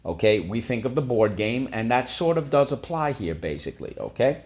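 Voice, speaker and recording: A man's voice: mid-range voice, expressive, normal speed, a little mellow. A man teaching a phonics lesson, breaking words into syllables and prompting listeners to repeat.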